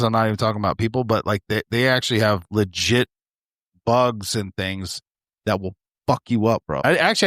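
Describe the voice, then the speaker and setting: A man's voice: medium pitch, fairly bright tone, no room sound, studio quality. A man hosting a podcast in casual, profane, joking banter. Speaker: podcast host. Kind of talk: casual chat. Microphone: remote call.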